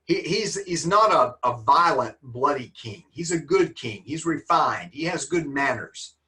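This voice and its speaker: A man's voice: a little high, lively intonation, measured pace, pushed and bright. A man, teaching a literature class online in a folksy, joking, encouraging manner.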